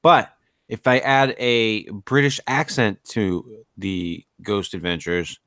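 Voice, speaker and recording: A man's voice: fairly low pitch, fairly even intonation, slow pace, fairly bright tone. A man co-hosting a podcast, chatting casually in a mock-serious, sarcastic way and swearing freely. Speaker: podcast co-host. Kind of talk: casual chat.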